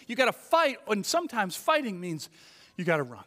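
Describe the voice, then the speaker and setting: A man preaches in a casual, animated style, voicing people's inner thoughts as he goes. His voice sits a little high. The sound carries the long reverb of a church sanctuary. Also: a little fast. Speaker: pastor. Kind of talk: sermon.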